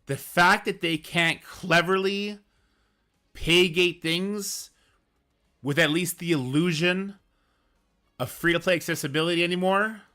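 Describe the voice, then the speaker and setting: Guy ranting on his stream, bright edgy voice, fed up and swearing. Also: high voice, a little slow, pauses often. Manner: frustrated, emphatic, swears. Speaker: gaming streamer. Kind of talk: casual ranting commentary.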